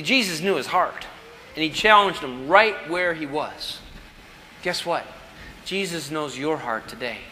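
A man delivers a sermon in a high, bright voice. He talks in a conversational way, asking questions and answering them himself. The sound carries a long reverb from a large hall. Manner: conversational preaching with rhetorical questions. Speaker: pastor.

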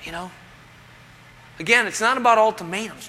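A man's voice: high voice, moderate pace, pushed and bright. A man preaching a sermon as pastor, asking rhetorical questions and dropping humorous asides. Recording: long hall reverb.

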